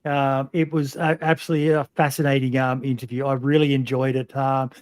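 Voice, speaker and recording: Male podcast host, middle pitch, blunt and profane, dry studio sound. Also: level tone, fairly quick, dry recording. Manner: blunt, swears freely, many ums. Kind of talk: casual interview chat.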